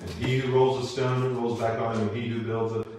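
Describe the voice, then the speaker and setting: A man teaching a Bible class in a church, retelling a story in an animated, casual way, recorded in an echoey room from a distant mic. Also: medium pitch, fairly quick. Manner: animated, casual, acts out characters. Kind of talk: lively storytelling lesson.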